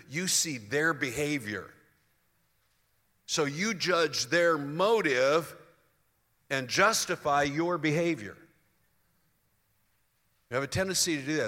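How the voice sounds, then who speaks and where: Pastor, male, 60s; mid-pitched, chatty sermon delivery with restarts, soft-to-emphatic swings; long hall reverb.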